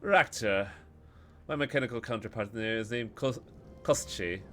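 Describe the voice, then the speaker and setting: A man voicing a cultured, smooth-talking male Russian smuggler who is polite, measured and faintly menacing. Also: fairly low pitch, bright, forceful tone, soft background music. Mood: charming.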